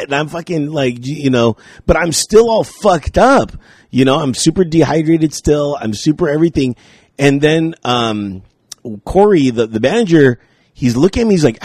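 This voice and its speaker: A man telling a story in casual chat, animated and swearing, acting out what people said to him. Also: mid-range voice, moderate pace, slightly rough, dry recording.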